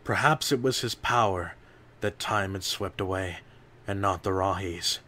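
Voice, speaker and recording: A man reading an adventure audiobook aloud in slow, measured narration. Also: sits low, pushed and bright, slight background noise.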